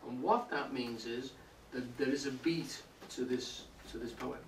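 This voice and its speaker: A man's voice: medium pitch, a little slow. Man lecturing in an echoey room. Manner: explanatory, often checks in with the audience. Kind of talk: public talk on poetry. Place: indoor room with a live audience. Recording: roomy, distant, faint hiss.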